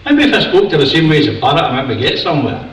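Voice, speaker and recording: A man's voice: a little high, big pitch swings, very fast, a little hiss or hum. A fed-up Scottish plane passenger with a somewhat raised voice, as a man acts him out. The voice echoes around a large hall and is heard from afar over some music. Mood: exasperated. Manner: polite, then mock-rude. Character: polite male airline passenger turning rude. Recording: echoey theatre from far off.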